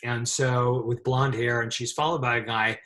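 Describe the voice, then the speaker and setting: A middle-aged man, a set dresser, telling a lively anecdote in an interview and laughing often as he talks. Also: mid-range voice, normal speed.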